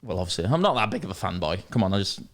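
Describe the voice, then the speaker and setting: A man hosting a podcast, bantering crudely and excitably with British slang. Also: low voice, very fast. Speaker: podcast host. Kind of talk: casual chat.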